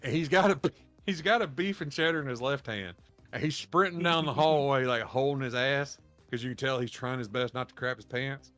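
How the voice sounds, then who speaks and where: A man's voice: mid-range voice, fairly quick, a bit bright, faint music behind. Rambling man telling stories. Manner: rambling, profane, laughs while telling stories. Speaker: podcast co-host. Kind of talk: casual storytelling chat.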